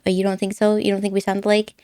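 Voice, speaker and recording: Talking to her viewers, a young streamer rambles and giggles, often bursting into laughter, though her medium-pitched voice is delivered completely flat at a quick pace. The warm tone comes through close and dry on a desk mic with no echo, a nervous edge beneath the chatter and the occasional silly accent.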